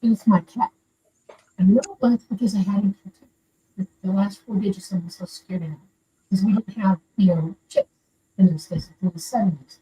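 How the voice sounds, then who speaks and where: A woman's voice: mid-range voice, fairly quick, warm tone. An older woman from Florida calling in to share a personal story, talking in an earnest and rambling way. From Florida, USA. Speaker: caller sharing a story. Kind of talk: casual storytelling. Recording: distant mic with faint background noise.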